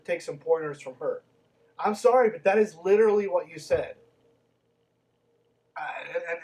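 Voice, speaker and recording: A man with a fairly high voice reads from a book on a podcast and keeps stopping to mock it, sarcastic and profane. He sits somewhat back from the microphone, so the sound is a little distant. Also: huge pitch swings, unhurried, pauses often, darkish tone. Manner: snarky, sarcastic, swears freely. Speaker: podcast host reading a book aloud. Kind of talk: casual podcast commentary and reading.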